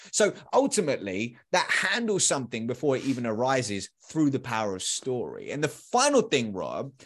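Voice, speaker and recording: A man in his thirties, a sales trainer, talking energetically as a podcast guest with emphatic repeats. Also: medium pitch. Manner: animated, acts out quoted dialogue; emphatic repetition.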